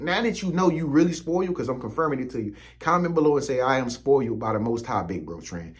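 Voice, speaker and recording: Man, spiritual motivational talk, slangy preachy delivery, direct to viewer. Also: mid-range voice. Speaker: spiritual content creator.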